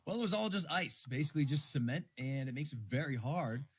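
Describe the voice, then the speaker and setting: A man's voice: medium pitch, lively intonation, a little fast, slightly rough. A man co-hosting a casual podcast, telling a rambling story with loose, casual swearing.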